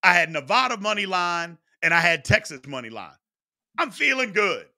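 Animated bright-voiced male sports host. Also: high-pitched, moderate pace, vocal fry. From Louisville, Kentucky area. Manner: animated, repeats points for emphasis. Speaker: sports talk show host. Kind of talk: live sports talk, reading chat questions.

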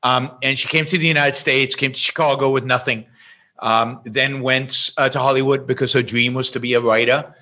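Bright-voiced man telling a story. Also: mid-range voice, normal speed. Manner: lively anecdotal storyteller with frequent restarts. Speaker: interview guest. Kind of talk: explaining and storytelling in conversation.

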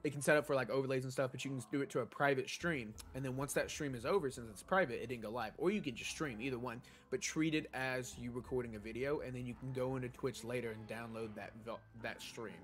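A man's voice: mid-range voice, fairly even intonation, fast, hardly any pauses. A young man live streaming a video game from his home desk, chatting casually and answering viewers' questions. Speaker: gaming streamer. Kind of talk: live stream chat while gaming. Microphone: desk mic.

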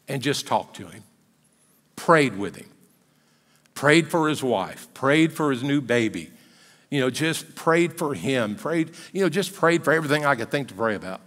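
Older pastor, high voice in a reverberant church. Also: male voice, fairly bright tone. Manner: conversational, folksy storyteller. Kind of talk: sermon storytelling. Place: church sanctuary. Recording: long hall reverb in a church.

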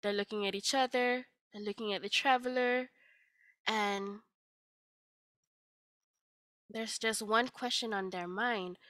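A woman, telling a children's story in a lively, casual way. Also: mid-range voice, slow, long pauses, no room sound.

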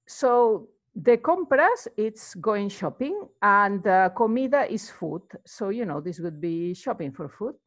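Chatty woman teaching. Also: mid-range voice. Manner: chatty, many fillers, repeats words slowly for practice. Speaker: Spanish teacher. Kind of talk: relaxed video lesson.

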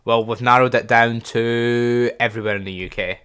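A man's voice: medium pitch, fairly even intonation, normal speed, fairly bright tone, clear, resonant tone. A young man hosting a gaming channel, thinking aloud in casual, chatty gameplay commentary and joking at his own expense.

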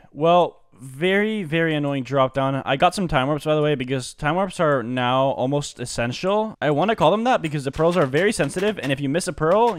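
A man giving live commentary on his own gameplay, excitable and slangy, jumping from low muttering to loud outbursts. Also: slight background noise. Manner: slangy, says dude and bro a lot. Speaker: gaming commentator.

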